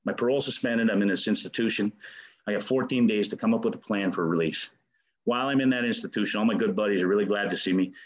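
A man's voice: lowish voice, fast talker, low-quality recording. A man giving an earnest, emotional personal testimony at a recovery meeting. He often stammers and restarts his sentences and swears casually. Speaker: speaker sharing a recovery story.

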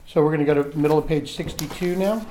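A middle-aged man sharing candidly in a recovery group, self-mocking and halting, often restarting his sentences. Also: a little high, mellow, a little hiss or hum.

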